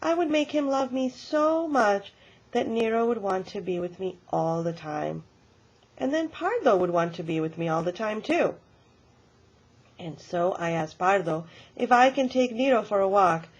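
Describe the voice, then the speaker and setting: A woman voicing an elderly grandmother who tells a story about her own stubborn childhood in a lively, emphatic way. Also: medium pitch, moderate pace, husky, muffled recording. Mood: storytelling.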